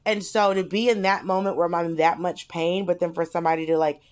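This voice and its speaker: A woman co-hosting a podcast in casual chat, telling stories in an animated, blunt and expressive way. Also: on the low side, fast talker. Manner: animated storyteller, blunt and expressive, swings between loud and soft. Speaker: podcast co-host.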